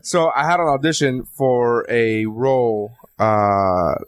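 A man with a Miami accent, hosting a podcast, telling a profane, animated story and acting out the dialogue. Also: medium pitch, slow pace, a loud crowd. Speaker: podcast host. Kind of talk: casual chat, storytelling.

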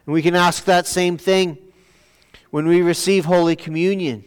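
Halting preacher in an echoing church. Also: male voice, high-pitched, smooth. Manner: halting, repeats words while searching for phrasing. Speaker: pastor. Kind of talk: sermon. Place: church sanctuary. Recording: long church reverb.

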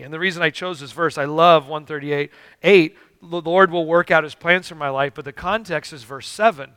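A man's voice: on the high side, moderate pace, bright, forceful tone, clear, resonant tone, no room sound. A man preaching a sermon as pastor, telling stories with acted-out dialogue in an earnest, emphatic way. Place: church sanctuary.

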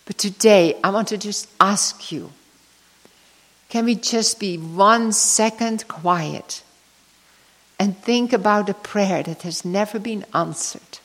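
A woman's voice: mid-range voice, slow. An older woman telling a heartfelt personal story in a sermon and leading a prayer. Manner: emotional storytelling, ending in soft prayer. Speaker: speaker giving a devotional talk. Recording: long reverb of a large hall.

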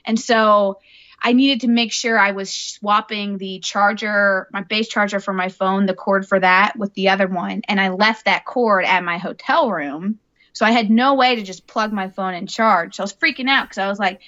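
A woman co-hosting a podcast, chatting casually and acting out her own reactions in a lively way. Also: mid-range voice, moderate pace, highs cut off. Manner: lively, acts out her own past thoughts in raised voice. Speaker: podcast co-host. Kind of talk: casual chat.

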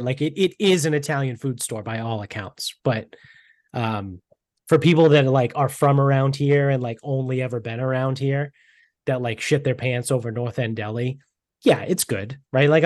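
A man's voice: medium pitch, a little mellow, no echo, studio quality. A young man co-hosting a casual podcast, rambling with lots of fillers and some swearing. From Massachusetts. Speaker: podcast co-host. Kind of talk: casual chat.

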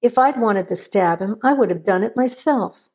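Woman reading hunted guy, curt and stern, mellow voice, kinda demanding. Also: fairly high pitch, normal speed, husky. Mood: terse. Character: hunted man on the run, tense and stern.

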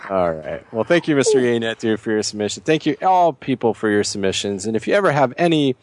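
A man's voice: medium pitch, big pitch swings, fast talker, a little mellow. A man hosting a podcast in casual chat, joking and rambling with frequent restarts. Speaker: podcast host.

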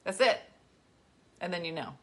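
A middle-aged woman hosting a live stream, talking fast and loose with a bright, clear edge to her voice. Her pitch swings widely as she tells stories and breaks off to thank viewers. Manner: animated and chatty, thanking viewers mid-sentence. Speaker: livestream host. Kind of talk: casual chat.

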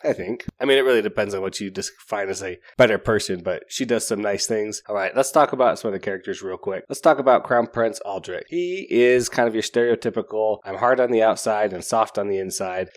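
A man's voice: lowish voice, a little fast, hardly any pauses. A man casually reviewing a book, rambling and enthusiastic, with plenty of fillers.

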